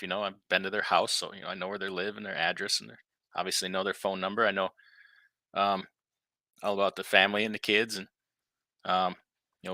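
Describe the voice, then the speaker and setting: A man's voice: on the low side, bright, forceful tone, no room sound. A man, a guest on a live talk show, telling a funny story with chuckles and repeated words.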